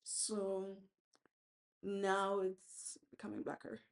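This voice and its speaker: At home with ducks around, a young South African vlogger braids her hair and talks frankly, with firm opinions, on a noise-cancelling phone video call. Her medium-pitched voice is monotone and very slow.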